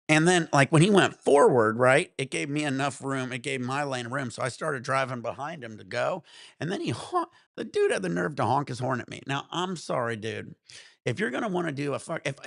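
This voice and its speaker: Gravelly man ranting on a stream. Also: medium pitch, no room sound, studio quality. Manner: profane, animated ranting. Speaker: livestream host. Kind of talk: casual storytelling to stream chat.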